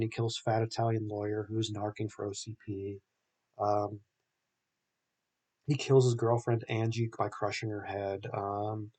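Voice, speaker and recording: A man's voice: lowish voice, dark tone. A young man hosting a podcast, recapping a film in a rambling, casual way full of filler words. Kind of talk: casual chat.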